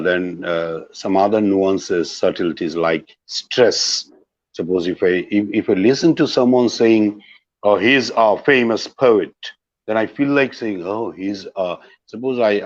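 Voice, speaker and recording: A middle-aged teacher speaks English with a Bangladeshi accent, his voice very low. He lectures in a repetitive way, full of fillers and restarts. The sound is dry and a bit muffled. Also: darkish tone, no echo. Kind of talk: explanatory talk on language learning.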